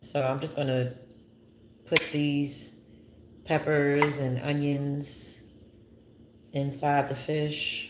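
A low-voiced cooking vlogger talks very slowly from her echoey home kitchen, pausing often with little pitch movement. She chats casually, addresses viewers as y'all and grows frustrated. Loud frying from a sizzling pan fills the noisy background.

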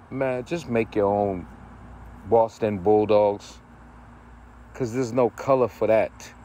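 Male breeder, emphatic repetitive rant, slow delivery, slightly low voice, faint background noise. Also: darkish tone. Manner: emphatic, repeats himself, street slang. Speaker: dog breeder. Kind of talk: casual rant to camera.

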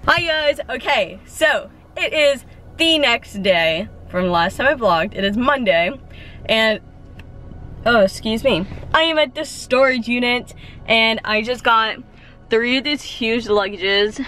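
A woman's voice: fairly high pitch, expressive, measured pace, sharp tone. A young woman vlogging casually, bubbly and chatty, filling her talk with "like" and "oh my gosh," recorded on a handheld camera. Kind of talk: casual vlog chat.

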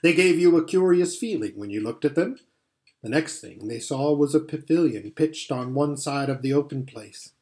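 Man reading a storybook aloud. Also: a little high. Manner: measured, steady reading with occasional slips. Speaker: audiobook reader. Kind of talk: storybook narration.

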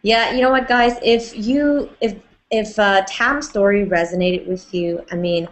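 A woman's voice: mid-range voice, a little slow. A woman co-host speaking hesitantly as she addresses the listeners. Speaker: podcast co-host. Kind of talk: casual wrap-up talk.

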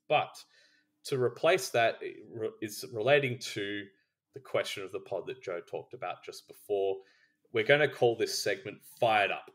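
This board game podcast co-host has a lowish, fairly bright voice. His talk is a casual chat full of rambling, false starts, and laughter between points.

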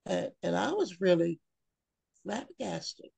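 Earnest woman speaker, gravelly voice, slow heartfelt delivery, dry recording. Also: mid-range voice, expressive, warm tone, dry recording. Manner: emotional, earnest, with long pauses. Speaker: webinar speaker. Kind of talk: heartfelt personal talk.

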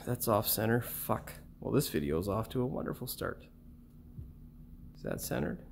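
A sleep-deprived middle-aged man hosts an auto repair channel from an outdoor driveway, talking to a camera in casual DIY outtakes. His voice is on the low side, creaky, very animated and a little slow, with slight hiss or hum. He swears a lot, mutters to himself, and keeps restarting lines.

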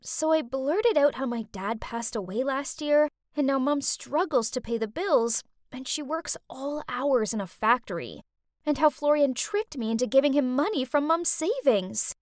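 Expressive high-voiced woman narrator. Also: moderate pace, dry recording, studio quality. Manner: expressive, dramatic first-person storytelling. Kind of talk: scripted narration of an animated story.

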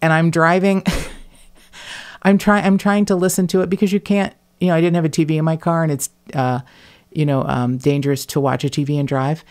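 A woman hosting a podcast in casual chat, talking in an animated, blunt way, swearing freely and laughing between words. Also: low voice, brisk. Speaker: podcast host.

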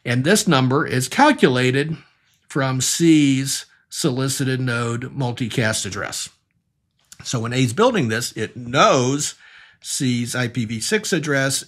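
A man's voice: mid-range voice, animated, a little slow, a bit bright. A man teaching a recorded networking lesson, walking through diagrams step by step in an explanatory way. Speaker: networking instructor.

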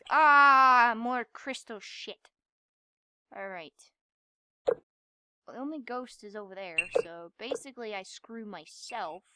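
A young woman playing a game and commenting, frustrated, swearing and yelling at it. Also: high-pitched, very noisy. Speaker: gamer. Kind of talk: gameplay commentary.

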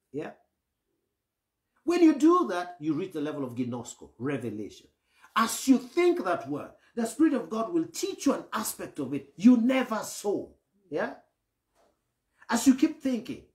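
A man delivers a sermon with a pitch that swings widely, rising and dropping as he makes each point. He keeps pausing to ask whether the congregation is following him. His voice echoes around a reverberant hall. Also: darkish tone. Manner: asks the congregation for assent often; acts out grumbling voices to illustrate. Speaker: preacher.

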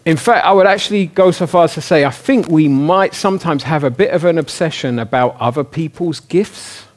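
A man's voice: a little high, brisk. A man preaching a sermon in a casual, conversational way, often asking his listeners questions. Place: church hall.

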